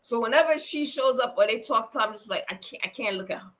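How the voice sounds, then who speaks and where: A woman's voice: a little high, fast. A woman hosting a reality TV review, chatting casually and bluntly. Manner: blunt, lively, acts out quotes. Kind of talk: casual chat.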